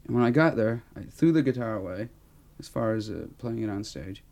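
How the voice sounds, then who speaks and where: Male interviewee from the United States, gravelly and mellow, self-deprecating storyteller. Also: fairly low pitch, animated, a little fast. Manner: candid, self-mocking storytelling. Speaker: interviewed singer. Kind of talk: archive interview reminiscence.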